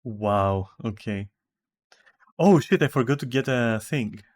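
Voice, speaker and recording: A man's voice: medium pitch, expressive, takes it slowly, a little mellow. A man with a Greek accent chatting casually with viewers while streaming a game from home, rambling and swearing casually. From Greece.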